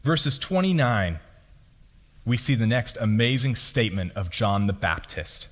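A man preaching a sermon as pastor, his delivery swinging between loud and hushed. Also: on the low side, lively intonation, measured pace. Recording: long reverb of a hall.

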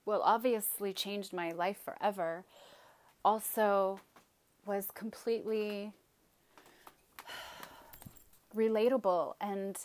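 A woman's voice: mid-range voice, fairly even intonation, slow, long pauses, darkish tone. A woman telling a personal story with emphatic, vivid retelling, acting out her own outbursts.

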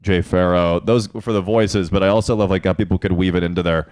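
Low-voiced young comedian, rambling and joking. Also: male voice, steady tone, fast, darkish tone. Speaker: guest comedian. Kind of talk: casual podcast chat.

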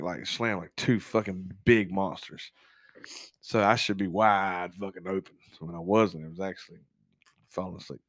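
A man hosting a casual podcast, telling a personal story in a halting, candid way with frequent swearing. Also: sits low, fairly bright tone, dry recording, clean studio sound. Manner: works as an on-call technician, speaks plainly about long shifts. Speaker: podcast host.

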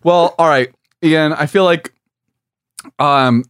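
A man's voice: on the high side, slow pace, a bit bright, clear, resonant tone, no room sound, clean studio sound. Giggly, rambling podcast co-host man. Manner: giggly, rambling, tipsy from champagne. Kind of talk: casual comedic chat.

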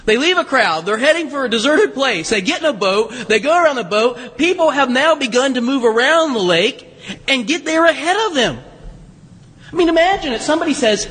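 A middle-aged male pastor gives a chatty, story-driven sermon with fillers and laughs. His voice sits high and bright with a slight husky edge. A long reverb trails behind him, as in a large hall. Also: animated, a little fast.

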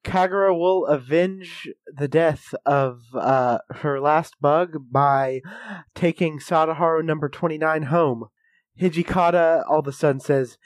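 A man who is a podcast guest, recapping story events in a steady, dryly humorous way. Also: on the high side, unhurried, no echo. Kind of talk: casual chat.

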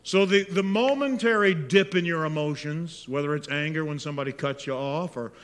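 A man preaching a sermon as pastor, moving between hushed, intimate prayer and loud, impassioned exhortation. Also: fairly high pitch, brisk. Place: church sanctuary. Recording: long reverb of a large hall.

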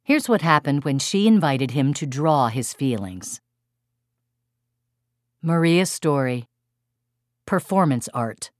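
A woman with a low voice narrates an audiobook about her parenting workshops. Her delivery is expressive and emphatic. The recording is dry and close, with no room echo. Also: slow, long pauses. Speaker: author and parenting workshop leader.

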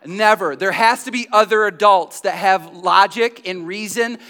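Pastor guy preaching, high voice, bright and forceful, chatty storytelling. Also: normal speed. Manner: animated, conversational storytelling. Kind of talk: sermon.

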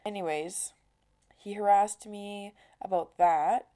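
A woman's voice: medium pitch, slow. A woman in her twenties hosting a podcast, telling a story in a chatty way, filling her talk with "like" and acting out quoted exchanges. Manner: chatty, heavy use of "like", animated quoting. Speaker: podcast host. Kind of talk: casual storytelling monologue.

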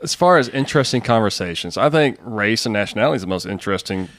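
A man's voice: on the low side, expressive, quick pace, fairly bright tone. A man co-hosting a podcast, frank and easygoing, who makes jokes about himself. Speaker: podcast co-host. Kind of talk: casual chat.

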